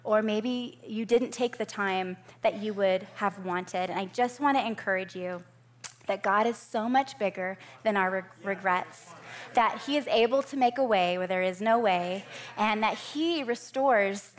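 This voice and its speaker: Woman giving a sermon, chatty and self-deprecating, mid-pitched voice. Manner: warm, conversational, self-deprecating with quick asides. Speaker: preacher.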